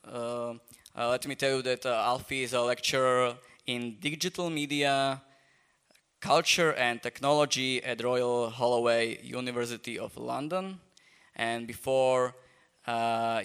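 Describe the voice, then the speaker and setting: Guy hosting a festival talk in english, smooth resonant voice, lots of uhs and ums. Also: mid-range voice, fairly bright tone. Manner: hesitant, many fillers. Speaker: host, journal editor. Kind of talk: live public talk introduction. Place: festival event space.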